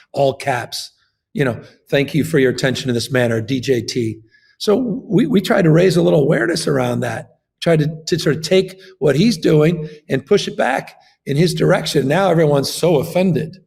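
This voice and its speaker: A man's voice: sits high, vocal fry, a little mellow, slightly rough. A man, a governor, giving an impassioned political interview, emphatic and fond of repeating his phrases.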